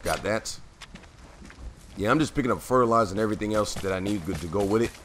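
A low-voiced man rambles through casual gameplay commentary, full of fillers and self-corrections. His voice keeps giving out, and he clears his throat now and then, over a faint hiss. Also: quick pace.

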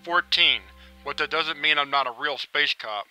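A man's voice: a little high, normal speed, pushed and bright, soft background music, rough recording. A man voicing an eager, polite teenage boy who thinks he is a space cop, full of gee-whiz exclamations.

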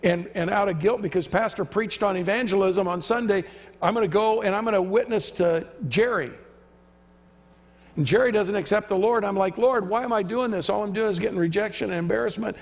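A male guest preacher delivers an emphatic sermon, acting out the voices he quotes. His voice sits high with a gravelly edge. The sound rings with the long reverb of a church sanctuary. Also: brisk. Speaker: visiting preacher.

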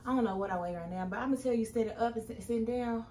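A woman's voice: a little high, rapid-fire, mellow, reverberant, a little hiss or hum. A young woman chatting directly to her viewers in a casual vlog. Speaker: vlogger. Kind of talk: casual pregnancy update vlog. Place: room at home.

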